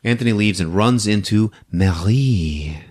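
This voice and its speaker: A man hosting a podcast, recapping a movie as an animated storyteller who laughs often. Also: on the low side, measured pace. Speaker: podcast host.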